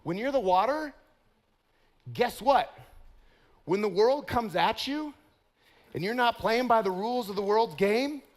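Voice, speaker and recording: A man's voice: high voice, animated, a little slow, pauses often. A man preaching a sermon in a playful, self-mocking way, laughing often and putting on voices for stories. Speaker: pastor.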